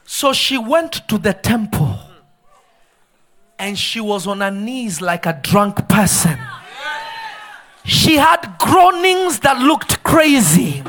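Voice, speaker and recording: A man with a very high, bright voice preaches a fervent sermon in a church. He shouts his points and slips into a sing-song cadence, drawing out his words slowly. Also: sing-song. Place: church sanctuary.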